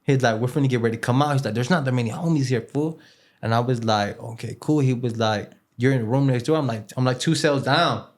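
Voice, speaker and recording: A man's voice: mid-range voice, fast. Male interview guest, mid-range voice, casual slangy storyteller who rambles and repeats himself. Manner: loose street slang with Spanish words mixed in; rambling, with many fillers and repeated words.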